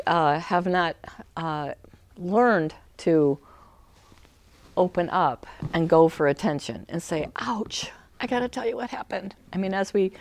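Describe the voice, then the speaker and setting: In a conversational small-group talk about emotional healing, a woman uses lots of fillers and restarts. Now and then she plays a crying child, shouting in a high voice.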